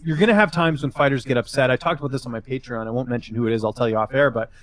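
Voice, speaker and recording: A man's voice: medium pitch, very fast, no room sound. A man who works as a fight-sport journalist, a guest on a podcast, chatting casually and telling rambling stories full of filler words. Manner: rambling, filler-heavy storytelling with advice.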